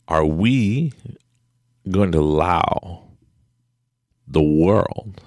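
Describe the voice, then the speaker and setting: A man hosting a podcast, talking in a casual, animated motivational monologue and laughing often. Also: low voice, creaky, no echo, clean studio sound. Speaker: podcast host.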